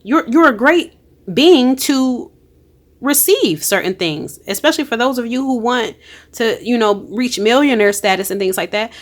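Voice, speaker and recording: A woman's voice: a little high, animated, normal speed. A woman giving a casual spiritual card reading, emphatic and encouraging, with frequent exclamations and colloquial speech. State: emotional. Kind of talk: casual tarot-style energy reading.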